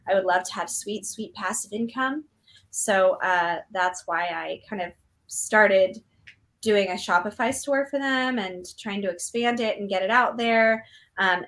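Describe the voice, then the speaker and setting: A woman's voice: mid-range voice, a bit bright. Woman, young adult, chatty, filler-heavy, casual interview talk. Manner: chatty, many likes and ums, laughing asides. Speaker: magician guest.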